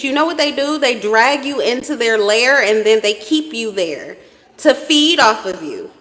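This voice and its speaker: A woman giving a casual tarot reading to camera, blunt and profane, breaking into sudden high exclamations. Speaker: tarot reader. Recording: reverberant room.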